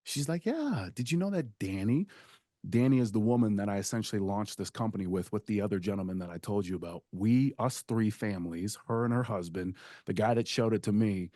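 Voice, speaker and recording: A man telling a rambling personal story in a casual podcast conversation, animated and often checking in with "right?". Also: on the low side, quick pace, no echo, studio quality.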